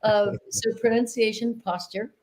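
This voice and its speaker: A woman dialect coach talking in a casual interview, earnest and animated as she tells stories, over a video call mic. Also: fairly high pitch, measured pace. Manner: animated, earnest storyteller with sudden bursts of laughter. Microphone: video call microphone.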